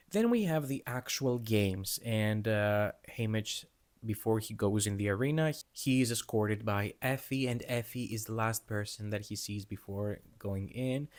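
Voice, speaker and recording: A man giving a casual, animated book talk on his vlog, chatting through his thoughts and laughing often. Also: fairly low pitch. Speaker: book reviewer.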